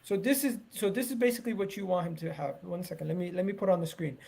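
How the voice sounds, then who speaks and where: High-voiced man hosting football chat. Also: quick pace, gravelly. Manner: animated, talks over others, asks the audience to engage. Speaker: podcast host.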